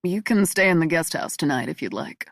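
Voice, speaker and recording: Woman voicing a quiet, wry male crime boss. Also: low voice, expressive, brisk, creaky, no room sound, clean studio sound, full character voice. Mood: dry, calm.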